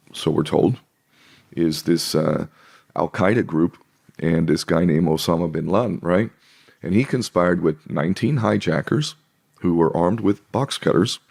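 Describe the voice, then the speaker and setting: A man's voice: sits low, vocal fry, darkish tone, slightly rough. A man talking in casual conversation, emphatic and sarcastic, laughing between points. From British Isles. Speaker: podcast guest.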